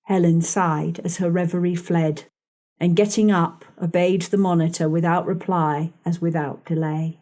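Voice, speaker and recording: Female audiobook narrator, mellow and measured. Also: fairly low pitch, steady tone. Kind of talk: scripted narration.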